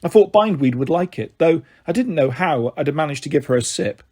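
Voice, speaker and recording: Husky man reading a children's story. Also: on the high side, brisk. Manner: expressive first-person narration. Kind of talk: reading a children's novel aloud.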